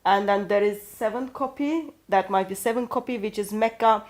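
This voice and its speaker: A woman with a Turkish accent who speaks English as a second language, talking carefully with frequent pauses and self-corrections. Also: medium pitch. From Turkey. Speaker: co-host. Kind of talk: apologetics discussion.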